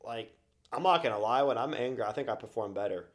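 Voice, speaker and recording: A man's voice: medium pitch, animated, fast. A man streaming a reaction to a video, thinking aloud in a casual way with lots of fillers.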